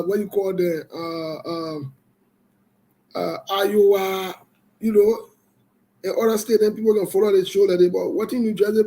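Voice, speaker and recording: A man's voice: sits high, a little mellow. A man hosting a livestream, chatting casually and teasing viewers in a playful, repetitive way. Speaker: online show host. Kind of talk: casual livestream chat reading viewer comments.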